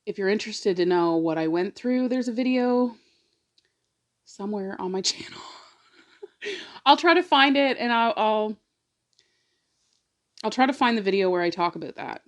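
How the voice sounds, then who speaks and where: A woman's voice: medium pitch, expressive, moderate pace, pauses often. A woman vlogger telling a personal story in a casual, rambling way, full of "like" and emotional asides. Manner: rambling, fills talk with "like"; emotional, confiding. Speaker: mukbang vlogger.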